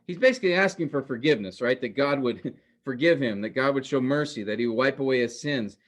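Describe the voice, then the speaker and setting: Talking quickly with lively intonation at a medium pitch, a man leads a Bible class in a recorded lecture. He breaks things down step by step, refers to the class as "guys" and "men," and restates his points as rhetorical questions.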